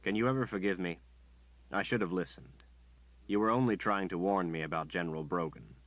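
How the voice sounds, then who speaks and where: A man voicing an earnest, flustered young hero in an audiobook, in a low voice. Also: a little fast, no room sound, muffled recording. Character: earnest young male woods guide, flustered.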